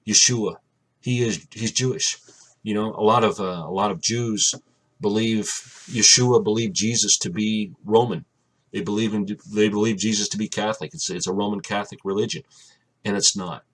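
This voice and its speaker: A man giving an earnest, reflective personal talk about his faith to the camera, often trailing off quietly. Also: on the low side, fairly even intonation, fairly quick. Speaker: Christian vlogger.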